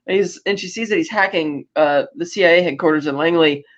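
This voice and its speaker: In lo-fi sound, a female podcast co-host with a lowish voice speaks quickly as she recaps films casually, narrating scenes and acting out what the characters say.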